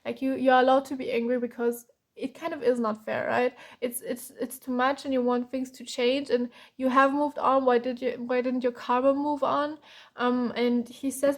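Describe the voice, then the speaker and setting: Tired german woman doing a tarot reading, kinda high voice, sighs and restarts a lot. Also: fairly even intonation, moderate pace. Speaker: tarot reader.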